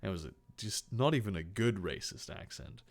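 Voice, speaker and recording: A young man reading fanfiction aloud with sarcastic, deadpan commentary and casual swearing. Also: sits low, moderate pace, gravelly.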